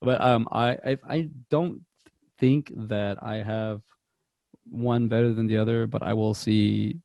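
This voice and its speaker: A man's voice: on the low side, steady tone, a little slow, vocal fry, mellow, no echo, dull audio. A man co-hosting a podcast, chatting casually about movies, rambling with many restarts and quoted lines. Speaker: podcast co-host.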